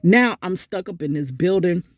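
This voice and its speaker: A middle-aged woman vlogging, telling a story in a chatty, animated way and talking straight to her viewers. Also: normal speed, no room sound, clean studio sound. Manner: animated, acts out quotes with big pitch jumps; chatty, addresses viewers directly. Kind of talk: casual storytelling vlog.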